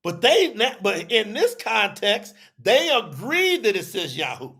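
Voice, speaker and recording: High, bright-voiced man teaching. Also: wildly swooping pitch, creaky, husky. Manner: conversational, acts out both sides of an argument; repetitive, drawn-out explaining. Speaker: teacher on a religious telethon. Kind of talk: animated teaching to a live audience.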